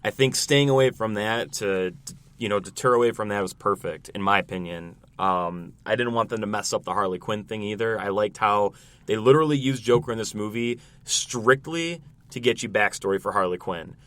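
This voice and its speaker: Low-voiced man laying out his points. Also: a bit bright. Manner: measured, lays out points in order. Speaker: podcast co-host. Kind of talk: casual movie review chat.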